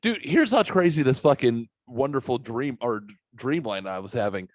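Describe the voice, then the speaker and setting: A man's voice: medium pitch, lively intonation, moderate pace, no room sound. A man co-hosting a podcast, telling a rambling, profane story in casual banter. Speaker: podcast co-host.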